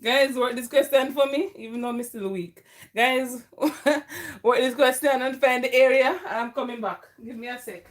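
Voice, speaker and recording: A woman teaching an online math lesson. Her voice sits high and she talks at an unhurried pace. She keeps chatting to her viewers, calling them guys.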